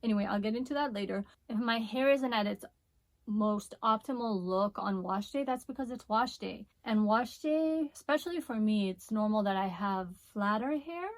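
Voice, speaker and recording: A woman's voice: mid-range voice, normal speed, no echo. A woman with a Spanish accent chatting enthusiastically through a hair product review vlog. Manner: chatty and enthusiastic, with laughs and asides. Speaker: hair care vlogger.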